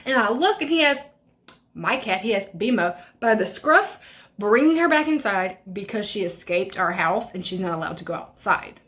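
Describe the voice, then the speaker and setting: A woman's voice: fairly high pitch, expressive, fairly quick, fairly bright tone. A young woman chatting while doing a makeup tutorial, telling a rambling story with lots of swearing. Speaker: beauty vlogger. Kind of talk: casual makeup tutorial chat.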